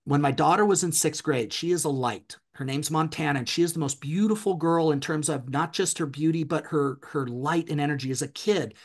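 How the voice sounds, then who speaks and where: A man's voice: on the high side, fairly quick, hardly any pauses. A middle-aged man telling a personal story as a podcast guest, with an intense, emphatic delivery.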